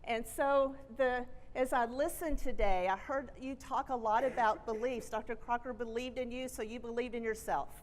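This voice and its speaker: A woman's voice: on the high side, steady tone, moderate pace, hardly any pauses. A middle-aged woman with a Texan accent, a college president giving a friendly, chatty conference keynote at a stage microphone. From Texas. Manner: friendly, chatty, self-deprecating asides. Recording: reverberant auditorium.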